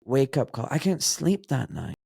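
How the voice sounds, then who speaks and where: A man's voice: mid-range voice, sing-song, normal speed, creaky, warm tone, slightly rough, no room sound, clean studio sound. A man in his forties with a Glaswegian accent, talking bluntly and straight as a podcast guest. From Scotland. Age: 40s. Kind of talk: casual interview conversation.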